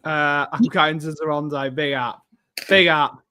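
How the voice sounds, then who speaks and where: A man's voice: on the high side, steady tone, measured pace, a loud crowd. A man joining a casual football podcast chat, joking and offhand.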